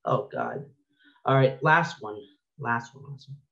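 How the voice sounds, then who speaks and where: A man hosts a reaction video, reading out creepy stories at an unhurried, drawn-out pace. He breaks in with startled exclamations and nervous laughter. The recording sounds slightly dull and lo-fi. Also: mid-range voice, fairly bright tone. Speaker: channel host reading stories.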